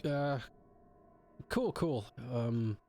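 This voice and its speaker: A man's voice: mid-range voice, lively intonation, drawn-out words, dark tone, faint music behind. Grumbling man on a gaming stream. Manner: grumbling, easily frustrated by tech trouble. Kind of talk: casual gaming stream chat.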